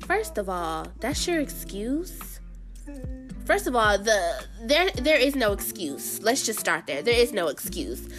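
A woman's voice: medium pitch, sing-song, a little slow, few pauses, a bit bright, soft background music. A woman hosting a show, giving casual pop-culture commentary in a blunt, sassy way and talking straight to her viewers. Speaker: show host.

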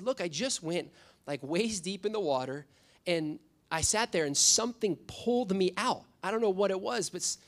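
Man, young adult, youth pastor, storytelling sermon, fairly high voice. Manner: storytelling, animated with acted quotes.

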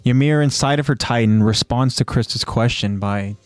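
Excitable man recapping an anime. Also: mid-range voice, no echo. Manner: animated, quick to jump ahead, loose fillers. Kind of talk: casual recap narration.

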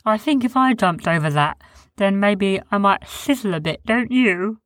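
A woman's voice: medium pitch, lively intonation, normal speed, fairly bright tone, dry recording, studio quality, voice pushed up, lightly acted. A woman voicing a big, furry, fussy male creature who is reluctant and cautious, in a storybook reading. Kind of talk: storybook character voice.

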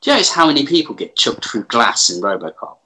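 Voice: mid-range voice, big pitch swings, fast talker, bright, forceful tone. A speaker chatting casually and enthusiastically about action films and asking questions. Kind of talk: casual film chat.

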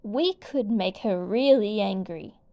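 A woman's voice: medium pitch, slow, warm tone. Cheshire Cat, read by a woman, sly and teasing. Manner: teasing, playful. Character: sly grinning male cat, teasing and mysterious. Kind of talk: storybook reading.

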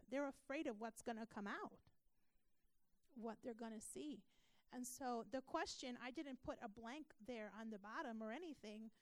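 A woman's voice: high voice, no room sound. A woman pastor teaching a church class, earnest and emphatic, asking her listeners questions.

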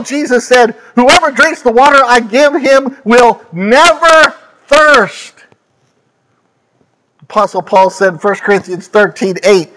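A man preaching a sermon, quoting scripture and correcting himself as he goes, with emphatic swoops between loud high lines and quiet low ones. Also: poor audio. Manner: scripture quotes and self-corrections.

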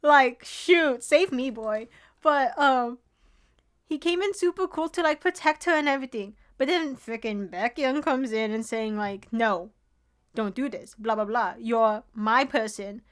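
A young woman co-hosting a casual chat, excitedly recapping a drama, swearing and acting out the scenes. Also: a little high, unhurried.

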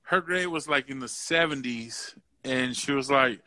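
Forties dad co-host, bright and dry, teasing and conversational. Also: male voice, mid-range voice, a little slow, no room sound. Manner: joking, does mock voices. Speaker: podcast co-host. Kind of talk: casual chat. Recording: dry close sound.

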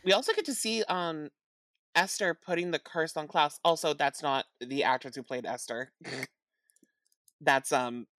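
A woman co-hosting a casual TV recap podcast, excitable, laughing often and swearing. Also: low voice, unhurried, no room sound, studio quality. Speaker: podcast co-host.

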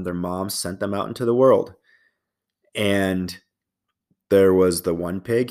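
Middle-aged male fitness host with a lowish voice, rambling and profane, casual monologue.

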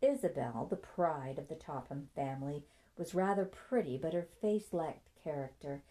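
A woman narrating a novel aloud in a steady, measured storytelling voice. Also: sits low. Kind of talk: audiobook reading.

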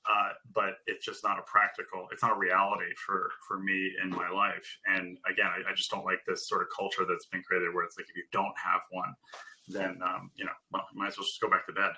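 Guest speaker, male, low register, cutting bright timbre, dry humor, relaxed. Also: brisk, rough recording. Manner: wry, dryly sarcastic humor; relaxed storytelling with frequent chuckles. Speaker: podcast guest, productivity author. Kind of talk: casual interview chat.

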